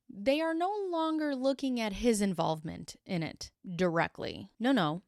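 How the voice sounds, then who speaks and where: Animated woman retelling a true crime story. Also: medium pitch, no room sound, studio quality. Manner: animated, acting out quotes in quick impressions; incredulous, sarcastic asides.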